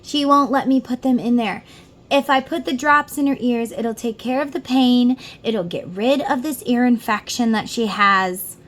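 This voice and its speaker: A tarot reader, a middle-aged woman, speaks with a fairly high pitch at a moderate pace during a casual reading. She addresses the listener directly, earnest and heartfelt.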